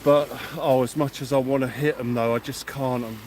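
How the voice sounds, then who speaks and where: Male angler hosting a night livestream, gushing thanks to viewers, middle pitch, light background noise. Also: fairly even intonation, moderate pace, a little mellow. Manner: effusive, thanks viewers by name. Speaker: fishing livestream host. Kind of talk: excited livestream chat. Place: outdoors at night by the sea.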